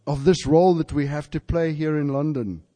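A male preacher tells a story from the pulpit. His voice sits a little high but sounds mellow and soft, and it rings with a long reverb through a large hall. He starts halting and rambling, then rises to fervent emphasis. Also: fairly even intonation. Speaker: pastor. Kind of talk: sermon storytelling.

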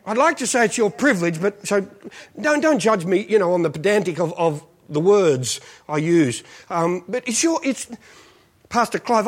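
Aussie guy preaching in a church, cracking jokes, voice jumps all over. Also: high voice. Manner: animated, jokey storytelling. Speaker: visiting preacher. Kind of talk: storytelling sermon.

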